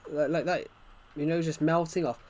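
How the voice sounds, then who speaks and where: A man's voice: a little high, fairly even intonation, moderate pace, darkish tone, slight background noise. A man streaming gameplay live, rambling chattily and answering chat messages, his nose bothered by hay fever.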